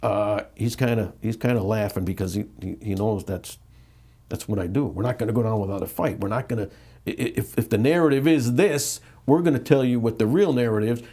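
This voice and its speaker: Fairly quick and slightly rough, with a fairly low pitch, this voice belongs to a middle-aged man from the US being interviewed. He tells a candid story animatedly, repeating and restarting often while voicing the quotes.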